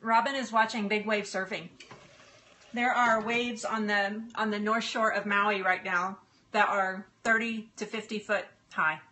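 A woman's voice: mid-range voice, fairly even intonation, a little slow, sharp tone. A middle-aged woman hosting a casual live stream from her home kitchen, chatty and apologetic, laughing often and stalling with fillers. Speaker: livestream cooking host and health coach. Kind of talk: casual live-stream chat while cooking.

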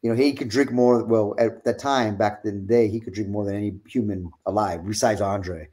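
Middle-aged male guest, lively storyteller who swears and laughs, streaming mic. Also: lowish voice, a little fast. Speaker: wrestling guest. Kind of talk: casual storytelling.

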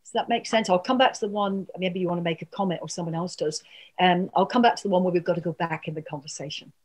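A woman's voice: on the low side, fairly even intonation, quick pace, a little mellow. A woman communication trainer giving an earnest, coaching workshop talk. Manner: earnest, coaching, frequent asides and laughs.

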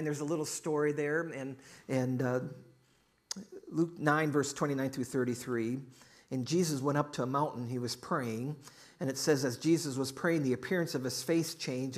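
A middle-aged male pastor preaching a sermon, telling a joke story and reading scripture with rising emphasis. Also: on the high side.

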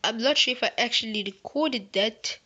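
A gaming channel host with a high, bright, forceful voice chats playfully and rambles as she plays a game at a moderate pace. There's a slight muffling and a faint hiss on the recording.

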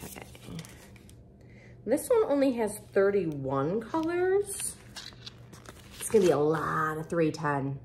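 A woman vlogging as she unboxes craft kits, gushing with bubbly excitement and lots of fillers. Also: fairly low pitch, slow pace, pauses often, a little hiss or hum. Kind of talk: casual unboxing chat.

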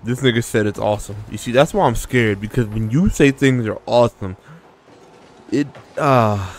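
A man's voice: mid-range voice, moderate pace, a little hiss or hum. A man swearing and teasing his friends while streaming a car soccer game. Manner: profane, teasing. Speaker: gamer on a stream. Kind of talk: casual gaming chat.

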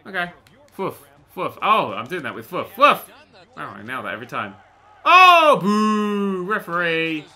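An excitable man gives a sweary, joking running commentary as he plays a video game. His voice sits high and bounces all over the place, with a very bright, sharp edge. Faint game music plays behind him. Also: moderate pace. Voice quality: excitable, sweary, jokey exclamations. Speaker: gaming YouTuber. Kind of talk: let's-play commentary.

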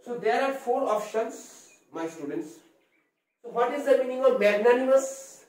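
Indian English male tutor, fairly high voice, slow explaining manner, recorded from afar in an echoey room. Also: expressive, darkish tone. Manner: explains slowly, spells words out letter by letter. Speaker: English teacher. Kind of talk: exam-prep lesson. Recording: very echoey room, voice far from mic.

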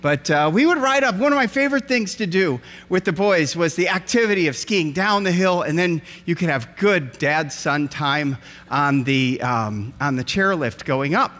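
Middle-aged male pastor, high lively voice, sermon storytelling in a church with long reverb. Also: moderate pace. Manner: animated storyteller acting out voices. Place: church sanctuary.

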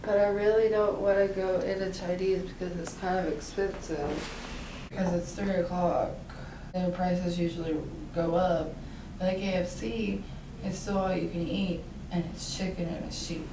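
A woman's voice: fairly low pitch, level tone, normal speed. A young woman with a congested, stuffy voice from a cold, chatting casually and sounding whiny about feeling sick. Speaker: vlogger's girlfriend. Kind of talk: casual chat. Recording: roomy, distant, faint background noise.

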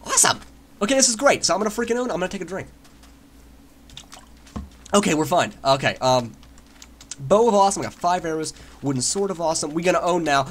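A young man narrates his gameplay in a loud, excited rush, trash-talking and cheering himself on. His pitch jumps all over the place. Faint mouse clicks sit under his voice. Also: fast talker, a little hiss or hum. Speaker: gaming YouTuber.

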